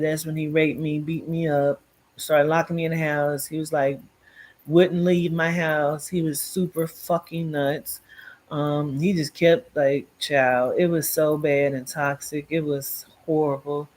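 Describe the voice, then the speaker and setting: A woman telling her own life story in a casual, animated way, cursing freely and acting out what people said. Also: low-pitched, unhurried. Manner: profane, blunt and animated, acts out quoted speech; addresses listeners directly as "child" and "girl".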